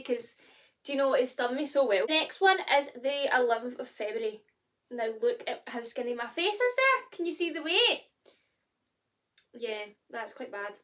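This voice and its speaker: Scottish woman in her twenties, casual vlogger chat, bright and slightly high voice. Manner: chatty, many fillers, candid and expressive.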